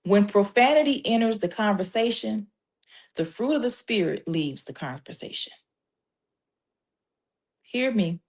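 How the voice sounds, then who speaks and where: This woman, a Christian life coach, lays out scripture-backed numbered steps for faith-based parenting in a measured yet emphatic style. Her mid-range voice is animated and somewhat dark in tone.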